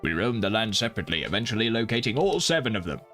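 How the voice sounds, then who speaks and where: A man reading the lines of a smooth-talking male traitor figure from a game, in a measured, courtly manner and a lowered voice. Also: very animated, pushed and bright, faint music behind. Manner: formal, measured, courtly delivery. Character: sly male celestial apprentice-master, smooth-talking traitor.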